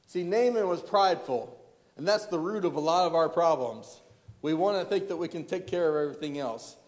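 A man's voice: high-pitched, darkish tone. Man preaching in a reverberant hall. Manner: rhetorical questions to the congregation, frequent restarts. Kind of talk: sermon.

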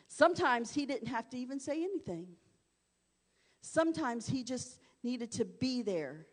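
High-pitched lady preacher, goes from hushed to hollering in her sermon. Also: very animated, normal speed. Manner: dramatic, swings from hushed to shouting.

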